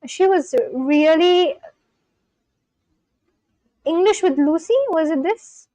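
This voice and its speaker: The same woman keeps rambling on her livestream chat, reading out comments from viewers and responding. Here her voice is extremely high and mellow, at a slow pace, in a low-quality recording without room sound.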